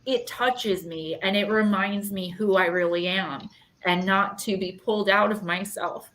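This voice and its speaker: A woman in her thirties streams live card readings that are chatty, rambling and emotional, with many fillers, in a room that echoes. Her voice is mid-range and fairly bright, and she speaks a little slowly.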